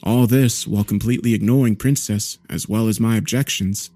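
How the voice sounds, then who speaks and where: Low-voiced man narrating a horror story. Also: steady tone, dark tone, no echo, faint music behind. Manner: measured, somber storytelling.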